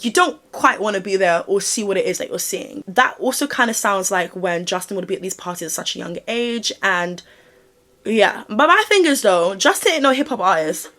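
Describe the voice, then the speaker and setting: A woman's voice: medium pitch, expressive, moderate pace, sharp tone. A woman giving casual commentary on a video channel, speaking frankly and straight to her viewers. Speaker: YouTube commentator.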